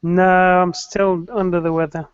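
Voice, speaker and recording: A man in casual banter giving wry, deadpan comebacks. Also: sits high, moderate pace, clean tone, dry recording. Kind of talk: casual banter on a video call. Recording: dry dull lo-fi audio.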